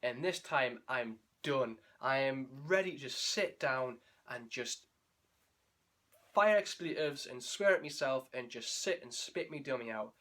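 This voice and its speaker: A man's voice: medium pitch, lively intonation, unhurried, bright, forceful tone. A young man, a running vlogger telling his race story in a candid, emotional, rambling way with restarts. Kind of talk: candid spoken race recap.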